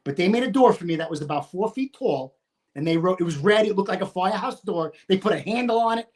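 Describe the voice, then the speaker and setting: A man in his fifties, a retired firefighter from the United States, swearing freely as he tells a story in casual conversation and acting out his own shouting. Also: high-pitched, fast talker. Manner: profane, animated, acts out his own shouting.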